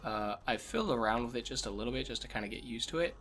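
A man with damaged vocal cords talking quietly and low as he commentates a game he is playing, coughing often. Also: animated, fast talker, a little hiss or hum. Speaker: let's play host. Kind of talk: gameplay commentary. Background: game sounds and music.

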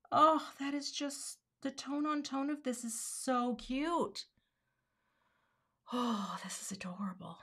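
A woman's voice: high voice, fairly bright tone. A woman hosting a casual live craft demo, talking herself through each step and murmuring asides under her breath. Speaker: card-making host.

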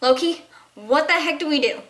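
Girl doing a panicky horse, high squeaky voice, rambles and giggles when stressed. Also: expressive, moderate pace, fairly bright tone, echoey room. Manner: panicky, rambling, nervous laughter. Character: anxious, forgetful horse. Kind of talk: model horse toy drama.

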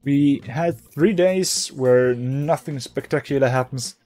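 A man playing a role-playing game, reading its dialogue aloud and thinking out loud in a relaxed, halting way. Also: medium pitch. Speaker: let's play gamer.

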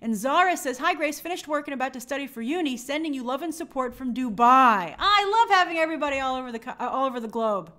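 A woman's voice: sits high, expressive, quick pace, hardly any pauses, sharp tone. A young woman hosting a movie live stream, chatting upbeat and reading out viewer comments.

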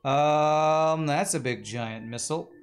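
A man's voice: on the high side, takes it slowly, soft background music. Joking, cursing male game streamer. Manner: joking, rambling, profane. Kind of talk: live gaming commentary.

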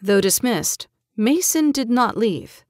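A woman narrating an audio drama in a measured, dramatic storytelling style. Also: a little high, lively intonation, darkish tone, no room sound, studio quality. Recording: narration over clear music.

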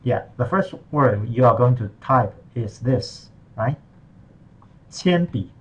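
A man's voice: mid-range voice, lively intonation, slow, slightly rough, lo-fi sound. A man teaching Mandarin in a patient, step-by-step tutorial, walking through the screen in simple, non-native English. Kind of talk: screen-recorded tutorial lesson.

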